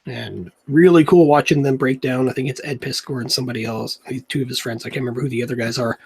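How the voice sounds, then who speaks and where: Laid-back young guy rambling while he sketches, kinda husky voice, medium pitch. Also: fast talker, darkish tone. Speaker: comic artist. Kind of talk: casual chat while drawing.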